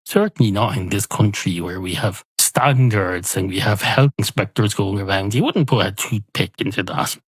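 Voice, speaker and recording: An Irish man voicing a weary, rambling barman in a deadpan, self-pitying comic manner. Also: on the low side, moderate pace, hardly any pauses, slightly rough, no room sound. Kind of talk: comic storytelling.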